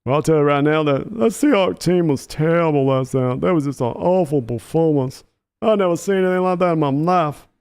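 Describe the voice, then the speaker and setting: A man doing an impression of a blunt, middle-aged male sports pundit with a soft Southern accent and a breathy voice. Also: on the high side, brisk, lightly acted. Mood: disgusted.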